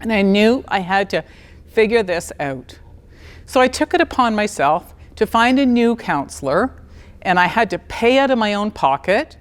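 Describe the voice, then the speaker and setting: A woman in her fifties on a stage, telling her personal story in an animated, blunt and candid way. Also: mid-range voice, moderate pace, big-room sound. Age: 50s. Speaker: speaker at a talk event.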